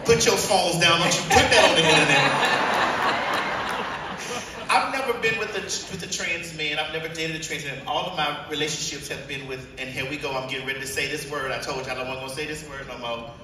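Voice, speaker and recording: A woman's voice: sits low, fairly quick, noisy background. A woman speaking on a conference stage in a bold, bawdy, confiding way, telling her business to the room. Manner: bold, bawdy and confiding, with big swings to loud. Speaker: guest speaker. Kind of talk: candid, comic stage conversation. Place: large conference hall stage. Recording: echoey hall, voice far from mic, music.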